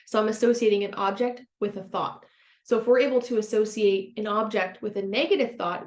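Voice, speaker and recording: A woman hosting a self-help podcast, a former counselor talking in a gentle, encouraging way and laughing easily. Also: medium pitch. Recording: roomy echo.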